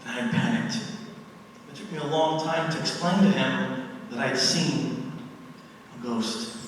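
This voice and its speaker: A man's voice: medium pitch, a little slow. A man telling a dramatic first-person ghost story to a live audience, acting out his own exclamations. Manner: dramatic, animated retelling with acted-out exclamations. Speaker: paranormal speaker. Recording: echoey hall, mic far off, faint noise.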